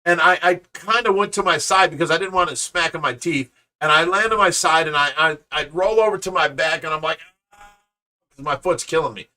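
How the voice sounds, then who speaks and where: Man host, casual storytelling, bright forceful tone, slightly high voice, heard a little far from the mic. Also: brisk, hardly any pauses. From Ohio, USA. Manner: animated, with repeated restarts. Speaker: show host.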